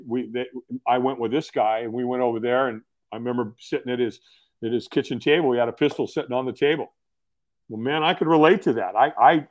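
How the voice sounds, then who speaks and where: A middle-aged man tells his story casually as a podcast guest, earnest and folksy, often repeating words as he starts sentences. His voice is mid-range and a little mellow.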